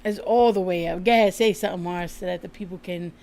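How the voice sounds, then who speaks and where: A woman's voice: on the low side, steady tone, fast, creaky, mellow. Laughing, loose-talking woman host. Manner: laughs often, loose and profane. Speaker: livestream co-host. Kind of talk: casual live-stream chat.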